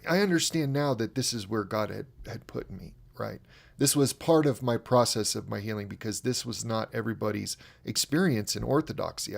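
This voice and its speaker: A man with a gravelly, creaky edge to his voice, at a middle pitch, recounts a personal story on his own broadcast. He talks candidly and loosely, circling back on his words with restarts and fillers as he goes. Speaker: broadcast host. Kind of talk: personal testimony on a livestream.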